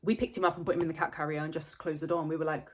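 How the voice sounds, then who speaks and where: A woman's voice: low voice, steady tone, rapid-fire, slight background noise. A woman, telling a personal story to camera close to tears, candid and rambling, swearing freely. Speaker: vlogger.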